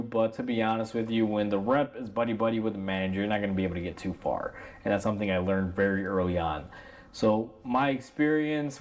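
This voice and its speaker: A man telling a casual vlog story about his work as a mechanic, frank and animated, acting out what others said. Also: mid-range voice. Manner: frank, animated retelling with many fillers. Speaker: mechanic vlogger.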